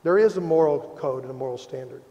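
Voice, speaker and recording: With a warm, medium-pitched voice and a fast delivery, a Midwestern-accented man preaches as pastor, earnestly poking fun at himself and rising in intensity to press his argument. The sound is lo-fi, carrying long hall reverb from the church sanctuary.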